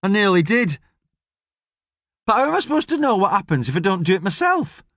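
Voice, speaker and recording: A man voicing an excitable, cranky young schoolboy who blurts out questions. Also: sits high, fairly quick, no echo, clean studio sound, pitched above the performer's own voice, full character voice. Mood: excited.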